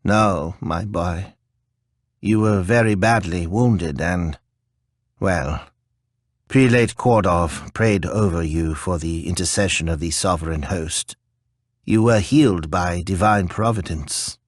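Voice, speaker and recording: A man reading an audiobook, voicing a kindly, stooped old male priest who talks in a slurred, creaky, gentle way. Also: low-pitched, slow, no echo, studio quality. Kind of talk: audiobook character voice.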